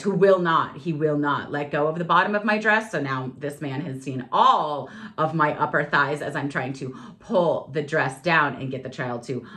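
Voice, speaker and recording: Low-voiced woman in her forties telling stories. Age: 40s. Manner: chatty, lively, fast-talking, with many fillers. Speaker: podcast guest. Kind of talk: personal storytelling.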